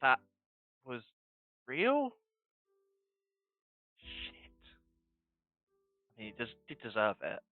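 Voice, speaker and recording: A man's voice: mid-range voice, huge pitch swings, extremely slow, pauses often, soft background music. A man playing his character in a tabletop game, drawling and dramatic. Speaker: player. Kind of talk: in-character tabletop role-play. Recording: phone-like voice chat.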